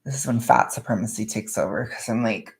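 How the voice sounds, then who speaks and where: A young woman vlogging at home, chatting casually and rambling in a soft-spoken way while she wraps gifts. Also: very deep voice, fairly quick, creaky, breathy edge.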